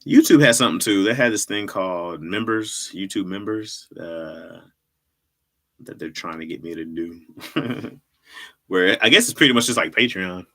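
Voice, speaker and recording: A man's voice: low voice, normal speed, a bit bright. A man hosting a livestream, chatting casually with viewers in a laid-back, slangy way and laughing often. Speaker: livestream host and comedy writer.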